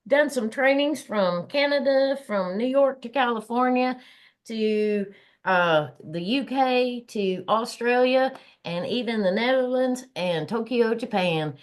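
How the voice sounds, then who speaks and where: A woman's voice: on the high side, slow pace. A woman with a Southern accent co-hosting a motivational podcast, chatting in a folksy way and laughing often. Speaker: podcast co-host. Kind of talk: casual chat.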